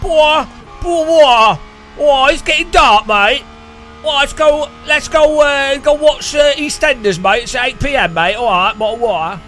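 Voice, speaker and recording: A man's voice: extremely high pitch, unhurried, bright, forceful tone, a little hiss or hum, voice pushed up, exaggerated voice. A man voicing a lazy British protester who is more interested in water and going home, with a chummy, cheerfully aimless manner. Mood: jolly.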